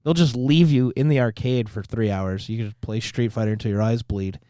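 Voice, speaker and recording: A man's voice: medium pitch, fairly even intonation, brisk, mellow, smooth, dry recording, studio quality. A man in his thirties co-hosting a podcast, casual and joking, laughing often as he rambles. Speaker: podcast co-host. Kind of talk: casual chat.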